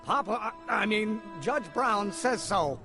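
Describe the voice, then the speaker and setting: An actor playing a fussy, self-important young law clerk who scolds in a prim manner in a video game. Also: male voice, sits high, expressive, unhurried, over music. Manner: prim, fussy, mutters to himself.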